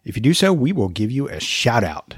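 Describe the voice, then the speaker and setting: A man's voice: mid-range voice, sing-song, fairly quick, breathy edge, dry recording, studio quality. A man co-hosting a casual movie podcast, joking around, swearing and riffing. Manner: jokey, swears, ad-libs songs. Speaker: podcast co-host. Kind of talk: casual chat.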